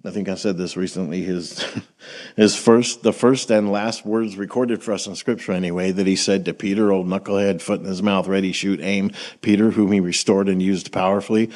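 A pastor preaches in a relaxed, conversational way, reading scripture and putting questions to the congregation. His voice sits low and moves at a normal speed.

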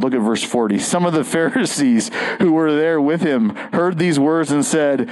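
A man's voice: mid-range voice, expressive, normal speed, hardly any pauses, a little mellow, low-quality recording. Earnest preaching man, conversational. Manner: earnest, conversational, frequent restarts. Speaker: pastor. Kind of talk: sermon.

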